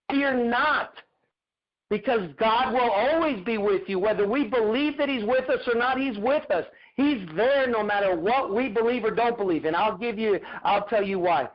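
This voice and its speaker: A man's voice: extremely high pitch, moderate pace, dull audio. A man giving a fervent, preacher-like motivational talk on a group video call, repeating his phrases. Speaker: motivational speaker.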